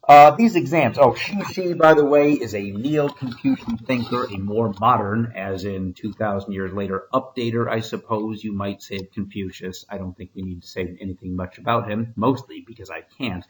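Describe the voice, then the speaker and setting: A man's voice: fairly low pitch, normal speed, few pauses, low-quality recording. A man, a history teacher, giving a casual recorded lecture with wry asides and frequent fillers.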